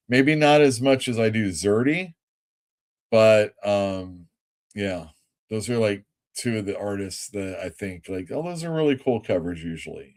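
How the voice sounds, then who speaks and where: A man hosting a live comics chat show, rambling casually with fillers and letting his lines trail off softly. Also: lowish voice.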